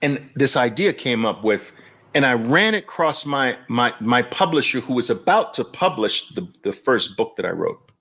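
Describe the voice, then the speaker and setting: A man's voice: mid-range voice, sing-song, moderate pace, a bit bright. A man hosting a live online audio room, talking emphatically and mockingly and repeating phrases for effect. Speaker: host.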